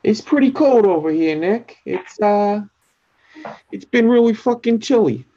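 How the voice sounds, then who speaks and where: A man's voice: sits high, expressive, unhurried, mellow, pitched above the performer's own voice, full character voice. A man doing a nasal New Yorker griping about cold. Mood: mock grumbling. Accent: New York. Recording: dull lo-fi recording.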